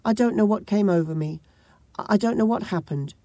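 A woman's voice: medium pitch, a little fast, no echo, voice pushed up, lightly acted. A woman voicing a volatile, abusive husband. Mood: tearful pleading. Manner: harsh yelling then tearful pleading. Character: volatile abusive young husband, raging then weeping.

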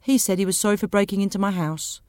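A woman reading a storybook aloud in a clear, measured, expressive way. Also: mid-range voice, no room sound, clean studio sound. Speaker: audiobook reader. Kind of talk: scripted narration of a graded reader.

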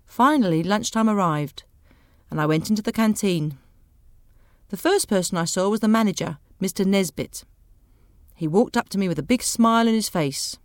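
A woman reading a storybook aloud in a clear, measured, expressive way. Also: medium pitch, no echo, clean studio sound. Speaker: audiobook reader. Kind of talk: scripted narration of a graded reader.

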